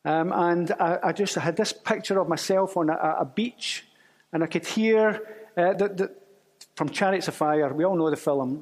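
A man's voice: high-pitched, normal speed. A man telling a testimony as a sermon, storytelling and acting out the voices of others. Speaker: preacher. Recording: long reverb of a church hall.

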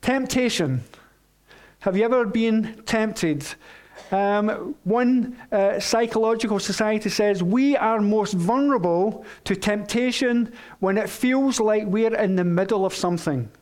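A male pastor preaching with a fairly high voice. He speaks slowly and conversationally, pausing on fillers and turning to his listeners with questions. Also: a little mellow. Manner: unhurried, conversational, with many "um"s and questions to the congregation. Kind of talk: sermon.

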